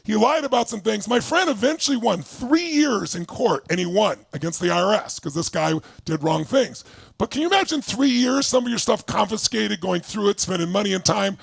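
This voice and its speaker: A man telling a story in an animated, emphatic motivational talk, swearing freely. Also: high voice, a little fast, vocal fry, dry recording, clean studio sound. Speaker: motivational speaker.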